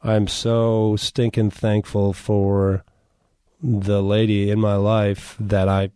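A man's voice: lowish voice, little pitch movement, slow pace, mellow, clear, resonant tone, dry recording, studio quality. A man, a country singer guest, telling stories in a chatty, joking way. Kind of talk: casual interview storytelling.

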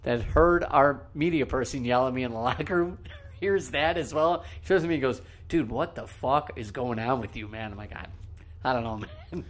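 A man's voice: medium pitch, moderate pace. A man telling stories in a casual podcast chat, laughing often and swearing freely. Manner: swearing, laughing, animated storyteller. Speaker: podcast co-host.

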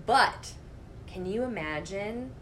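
A woman's voice: medium pitch, animated, slow pace, a bit bright, a little hiss or hum. A woman co-hosting a podcast in playful casual chat, often giggling. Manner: playful, giggly, sings a pop verse with a twang. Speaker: podcast co-host.

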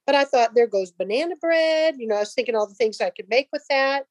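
A middle-aged woman tells a personal story in a relaxed, chatty way. Her voice sits a little high, and she acts out each quoted line with lively shifts. The sound is close and dry, with no room around it. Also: fast, dry recording. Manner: animated, acts out dialogue in voices. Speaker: guest telling a faith story. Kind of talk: casual storytelling.

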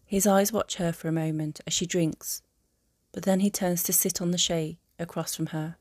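A woman narrating a fan audiobook in a calm, even storytelling manner. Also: on the low side, moderate pace, no echo, studio quality.

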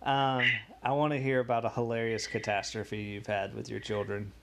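Brief: relaxed male interviewer, mid-pitched, noisy phone line. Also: moderate pace, creaky. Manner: easygoing, laughs along.

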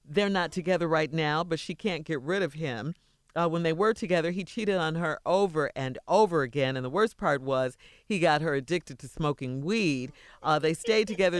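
A woman's voice: sits low, dry recording, clean studio sound. A woman co-hosting a radio advice show, blunt and scolding, who repeats her points. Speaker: radio co-host giving advice. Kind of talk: call-in radio advice talk.

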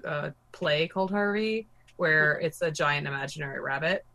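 A woman jumping into a casual podcast chat with quick enthusiasm. Her voice is a little low, and the sound is dry and close. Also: pushed and bright, dry recording. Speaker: podcast co-host.

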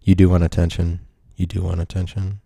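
A man's voice: low-pitched, monotone, brisk, vocal fry, mellow, husky, no room sound, studio quality. A man hosting a podcast in a rambling solo monologue, self-mocking and profane, laughing often. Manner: profane, provocative. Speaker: podcast host.

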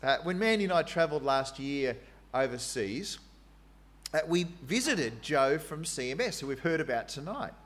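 A man preaching a sermon in an animated, conversational way, with fillers and asides. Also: fairly high pitch, normal speed.

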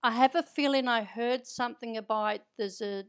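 Her smooth voice is on the high side and moves at a moderate pace. She's a Kiwi woman whose accent carries an Irish tinge, and as an interview guest she spins chatty anecdotes, laughing readily along the way.

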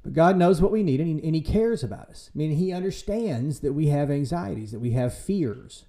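A man hosting a casual church podcast, talking in a lively way and acting out quoted voices for humor. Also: fairly high pitch, fairly quick. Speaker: podcast host and church leader. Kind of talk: casual faith discussion.

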